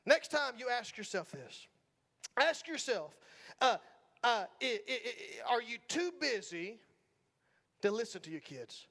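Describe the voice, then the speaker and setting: High-voiced Southern preacher, chatty and joking. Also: male voice, very animated, measured pace, long pauses, sharp tone. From Georgia, US. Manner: conversational, asks the congregation "right?" often, jokes. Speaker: pastor. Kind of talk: sermon. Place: church sanctuary.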